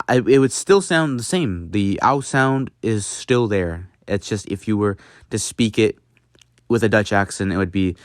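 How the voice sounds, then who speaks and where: A man's voice: lowish voice, unhurried, clean tone, no echo, studio quality. A young man teaching an in a casual home video lesson, rambling and self-mocking with many fillers. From United States. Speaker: host teaching an accent.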